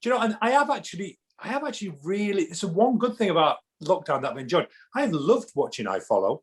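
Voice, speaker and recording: A man guesting on a podcast in casual chat, telling animated stories and acting out what people said. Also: high-pitched, fast, slightly rough. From England. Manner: animated storyteller, acts out quotes, many restarts.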